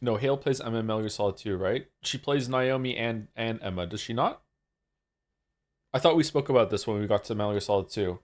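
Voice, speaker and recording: A man's voice: fairly low pitch, fairly quick. A man streaming a game live, reading viewer chat aloud and answering it in a talkative, wry way.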